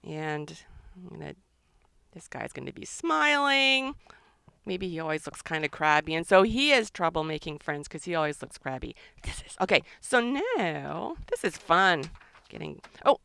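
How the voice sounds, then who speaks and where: A middle-aged woman, a children's author and illustrator, chatting excitedly and thinking aloud during a live drawing session for kids. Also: fairly low pitch, moderate pace, gravelly, clean tone, dry recording.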